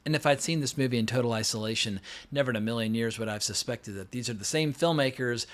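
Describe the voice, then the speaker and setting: A man talks through a movie review at a quick clip. His voice sits at a middle pitch, and his delivery is loose, opinionated and peppered with swearing. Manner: casual, opinionated, with frequent swearing and fillers. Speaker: film reviewer. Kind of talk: unscripted movie review monologue.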